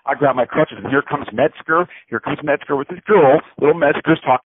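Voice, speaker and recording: A man telling a story from prison over the phone in a rambling, animated way, saying "bro" again and again and repeating himself. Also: on the high side, brisk, husky, no echo. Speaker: incarcerated storyteller. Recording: tinny phone line.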